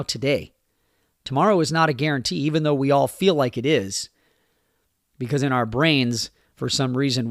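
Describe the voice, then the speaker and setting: Middle-aged man, earnest heartfelt podcast talk, medium pitch, dry close sound. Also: no echo. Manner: earnest, heartfelt, rising emphasis on key phrases. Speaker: podcast host and youth coach. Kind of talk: personal motivational podcast monologue.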